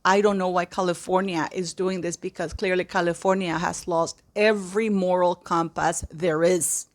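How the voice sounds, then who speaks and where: A woman's voice: fairly low pitch, steady tone, moderate pace. A woman giving impassioned, indignant commentary to her viewers, often repeating phrases for emphasis. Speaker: commentary vlogger.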